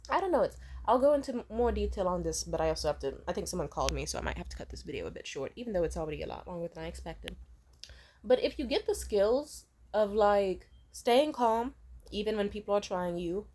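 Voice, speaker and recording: A woman's voice: on the low side, lively intonation, fairly quick, a little mellow. Young woman vlogger, frank and sweary, loose rambling storyteller. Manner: candid, profane, rambling. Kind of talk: casual storytime.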